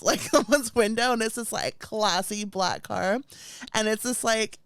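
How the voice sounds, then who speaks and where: A young woman co-hosting a casual podcast, telling an animated story full of "like"s and laughter. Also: a little high, a little fast, smooth, no echo, studio quality. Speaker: podcast co-host. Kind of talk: casual chat.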